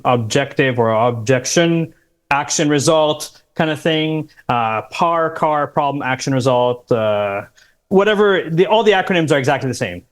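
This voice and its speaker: A man with a fairly high voice, a career coach guest who gives step-by-step interview advice and stresses key words as he talks. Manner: emphatic, instructive, quotes interview lines. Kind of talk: advice-giving podcast talk.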